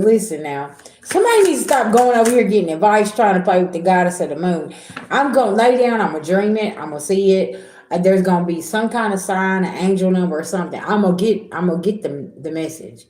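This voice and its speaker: A woman's voice: medium pitch, lively intonation, quick pace, darkish tone, roomy sound, slight background noise. A middle-aged woman giving a casual tarot reading, blunt and repetitive, talking straight to her viewers. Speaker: tarot reader.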